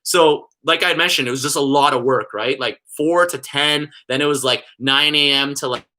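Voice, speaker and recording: A man's voice: a little high, normal speed, bright, forceful tone. A young man telling a long, rambling story in casual chat, filling his talk with "like" and "you know". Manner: rambling, heavy use of "like". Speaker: vlogger.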